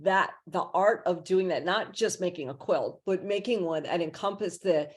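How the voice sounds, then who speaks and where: A woman's voice: on the low side, moderate pace. A woman hosting an interview over a video call, chatty, enthusiastic and effusive in her praise. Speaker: podcast host. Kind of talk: interview conversation.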